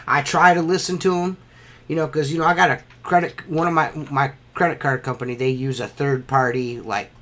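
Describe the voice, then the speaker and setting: A man on a podcast, talking crude casual banter, profane and rambling, getting animated. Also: on the high side, a little fast. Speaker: podcast host.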